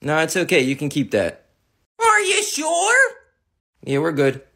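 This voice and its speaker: A deep deadpan teen brother. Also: female voice, a little slow, vocal fry, heavy background noise, heavily acted. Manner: deadpan, sarcastic. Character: laid-back teenage older brother, sarcastic. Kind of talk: comedy skit voice acting.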